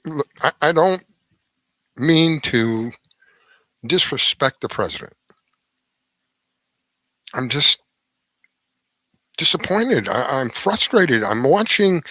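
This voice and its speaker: Animated middle-aged male radio host. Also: fairly high pitch, no room sound, rough recording. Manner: rambling, restarts, animated emphasis. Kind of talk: opinion monologue.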